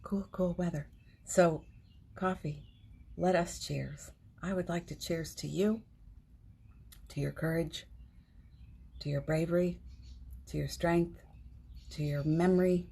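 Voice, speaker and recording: A woman hosting a morning live stream, chatting gently and affectionately with viewers, greeting them by name and laughing often. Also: on the low side, fairly even intonation, takes it slowly, creaky, pauses often, breathy edge. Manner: laughs often, speaks softly. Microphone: phone.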